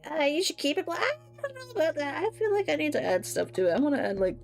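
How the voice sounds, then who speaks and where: A woman's voice: very animated, racing, creaky, a little mellow, faint music behind. A woman chatting casually while livestreaming a video game, swearing freely and reading chat messages aloud. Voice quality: medium-pitched voice she wishes were deeper. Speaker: streamer.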